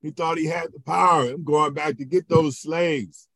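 A man, a pastor, teaching a Bible lesson in a slow, questioning way and often checking in with his listeners. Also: a little high, fairly even intonation, fairly bright tone, no echo.

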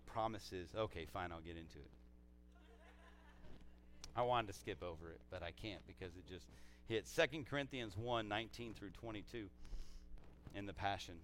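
A man preaching a sermon in a conversational way, repeating phrases and swinging between loud exclaims and soft, low scripture reading. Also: slight background noise. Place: church service.

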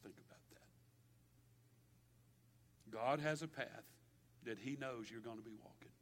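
A male pastor preaching a sermon with passion, his delivery swinging from loud declarations to hushed, quiet stretches. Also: mid-range voice, unhurried. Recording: long hall reverb.

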